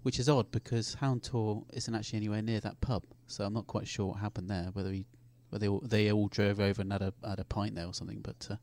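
A man's voice: fairly low pitch, flat delivery, quick pace, creaky, few pauses, darkish tone. A man co-hosting a casual podcast, telling rambling local anecdotes. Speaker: podcast co-host. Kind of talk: casual group chat.

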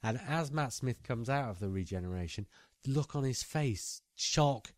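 A man's voice: mid-range voice, lively intonation, normal speed, no echo, studio quality. A man hosting a podcast, chatting casually and reading out listener questions. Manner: chatty, reads out listener emails.

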